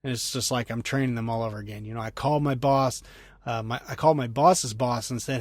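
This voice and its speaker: A man's voice: mid-range voice, steady tone, fast, no room sound. Chatty male trucker podcaster, dry sound. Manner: chatty, laughs often, loose with "you know" fillers. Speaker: podcast host and truck driver. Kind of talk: casual podcast chat answering listener mail.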